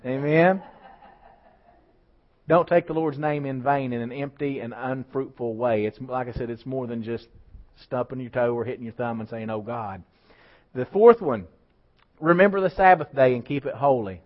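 A man's voice: medium pitch, normal speed. A man preaching a sermon, building emphasis and throwing asides to the congregation. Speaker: pastor. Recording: slightly dull lo-fi church recording.

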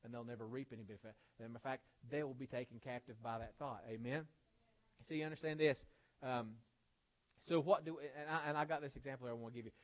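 A man's voice: mid-range voice, fairly even intonation, fast talker, muffled recording. Folksy, emphatic male preacher. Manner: emphatic, folksy, with rhetorical questions. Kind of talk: sermon.

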